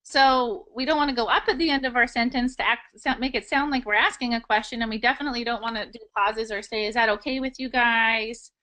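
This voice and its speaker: A woman sales agent who speaks with confident, crisp control, running a phone script and discussing it. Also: on the high side, quick pace, few pauses, sharp tone. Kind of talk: demonstrating a sales call, then discussing.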